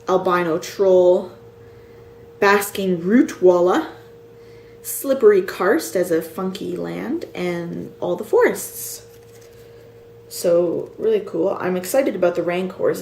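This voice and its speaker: Tired woman slowly reading card names. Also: fairly low pitch, gravelly, a little mellow. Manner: reads card names slowly, unsure of pronunciations. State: tired, yawning. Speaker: card collector showing a set. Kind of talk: casual show-and-tell. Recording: echoey room with faint ambient noise.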